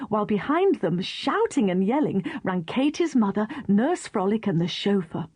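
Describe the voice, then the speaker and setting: A woman narrating a children's storybook in a lively, expressive way. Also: medium pitch, moderate pace, hardly any pauses, husky, no echo. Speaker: audiobook narrator.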